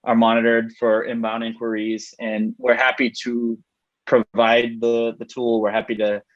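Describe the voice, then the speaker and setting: A man's voice: mid-range voice, completely flat delivery, normal speed, no echo, lo-fi sound. A man on a webinar panel, explaining things in a casual way.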